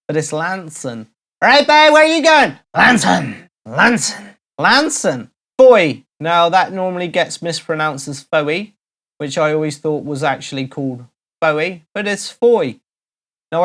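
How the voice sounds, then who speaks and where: A middle-aged man from Cornwall, a DJ and vlogger chatting casually and jokingly to his followers, full of playful asides. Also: high voice. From Cornwall, England. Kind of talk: casual comedic vlog chat.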